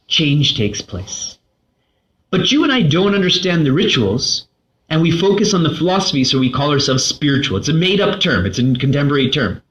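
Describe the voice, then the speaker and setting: A man giving a spiritual talk to a class, asking questions and answering them himself in a lively, playful way. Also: a little high. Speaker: spiritual teacher. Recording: slightly dull lo-fi recording.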